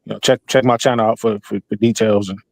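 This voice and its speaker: A man's voice: lowish voice, steady tone, fast talker, creaky, no echo. An older man rambling and joking as a guest on a livestream panel, fond of doing impressions. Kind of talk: casual chat on a livestream.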